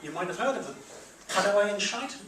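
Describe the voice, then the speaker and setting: Geordie male stand-up, high-pitched, blunt and crude, roomy club sound from a distance. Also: animated, quick pace, heavy background noise. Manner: blunt, crude punchline delivery. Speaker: stand-up comedian. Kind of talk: stand-up comedy set. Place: comedy club. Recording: roomy club recording from far off. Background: audience laughter.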